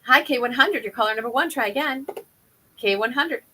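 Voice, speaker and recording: A woman hosting a morning radio show, brisk and cheerful as she takes calls. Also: fairly high pitch, sharp tone, slight background noise. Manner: brisk and cheerful, quick call answering. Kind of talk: upbeat radio banter. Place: radio studio.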